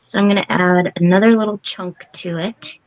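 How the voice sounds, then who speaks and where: A woman's voice: mid-range voice, fairly even intonation, normal speed, no echo, low-quality recording. A woman chatting casually while she works on a small craft project. She stays absorbed in her hands, often murmuring comments to herself rather than to the group.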